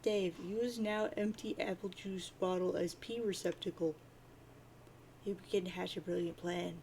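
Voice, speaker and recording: A woman reading a webcomic aloud as host, in a lively, quick and playful way. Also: lowish voice, slight background noise. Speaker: reader.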